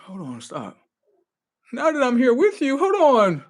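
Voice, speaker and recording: Male live streamer, high-pitched and animated, with a profane, slangy rant. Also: a little slow.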